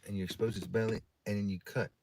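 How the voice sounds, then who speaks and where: A man's voice: on the low side, steady tone, fast, creaky. A man on a livestream delivering a blunt, profane ranting monologue and telling stories. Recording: loud background noise.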